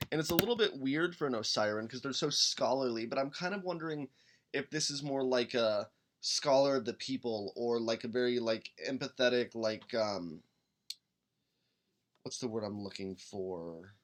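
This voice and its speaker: A man in casual live-stream chat, upbeat and rambling, with a voice of ordinary middle pitch. He reads rules text aloud between quick asides and hums under his breath while searching. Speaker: podcast host building a game character.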